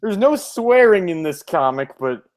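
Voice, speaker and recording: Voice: mid-range voice, sing-song, normal speed. A co-host in a casual comic podcast chat, easily amused and steering the recap along.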